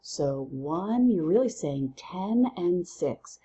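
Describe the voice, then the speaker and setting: A woman teaching a recorded lesson through counting drills, playful and quick to use silly memory tricks. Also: fairly low pitch, expressive, mellow, slightly rough, dull audio. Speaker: Spanish teacher.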